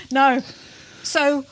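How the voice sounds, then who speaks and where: A woman's voice: sits high, level tone, extremely slow. A woman co-hosting a vlog in casual chat, teasing and laughing often as she talks, seated outdoors. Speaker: vlog co-host. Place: sitting outdoors.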